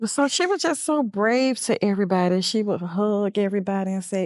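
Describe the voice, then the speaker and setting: A woman's voice: medium pitch, brisk, dry recording, clean studio sound. A middle-aged woman, a mother telling of her family in an earnest, reflective, heartfelt way as an interview guest. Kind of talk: emotional personal interview.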